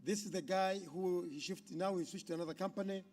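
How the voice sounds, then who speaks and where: A man with a Ugandan accent hosting a conference on stage, loudly introducing speakers to the crowd. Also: sits high, fast talker. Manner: loud, animated announcing to a crowd. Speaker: conference emcee.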